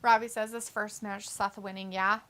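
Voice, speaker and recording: A woman's voice: mid-range voice, little pitch movement, normal speed, bright, forceful tone. A woman co-hosting a wrestling watch-along live stream in casual chat, reading viewer comments aloud and reacting to them. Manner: chatty, reads chat messages then reacts.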